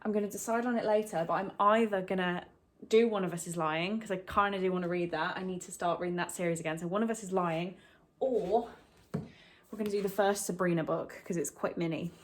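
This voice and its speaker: A woman's voice: on the low side, steady tone, slight background noise. Chatty young woman vlogging. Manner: chatty and candid, with quick rambling asides. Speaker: book vlogger. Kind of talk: casual vlog chat. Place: at home, partly from bed.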